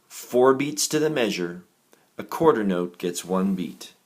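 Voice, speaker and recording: Slow, low-voiced male music teacher. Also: expressive. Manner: patient, gentle instructor, demonstrating rhythms by singing syllables. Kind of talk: recorded music lesson.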